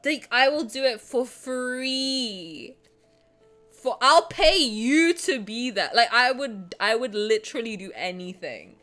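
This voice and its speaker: Brief: young woman streamer, raised pitch, very expressive delivery, jokey and loose with swearing, faint game music underneath. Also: slow pace. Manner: animated, joking, swears, breaks into giggles. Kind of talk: casual livestream chat, reading game text aloud.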